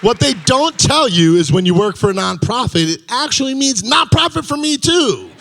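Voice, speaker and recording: High, gravelly middle-aged comic on stage. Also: male voice, very animated, normal speed, a bit bright. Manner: chuckles at his own punchlines, loose and rambling delivery. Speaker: stand-up comedian. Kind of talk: stand-up comedy set.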